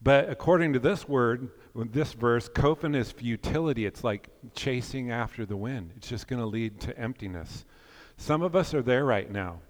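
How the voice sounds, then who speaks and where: A man's voice: medium pitch, normal speed. Man in his fifties preaching in a reverberant hall. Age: 50s. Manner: animated, jokey and earnest, swinging from loud urging to quiet reflection. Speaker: pastor. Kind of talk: sermon.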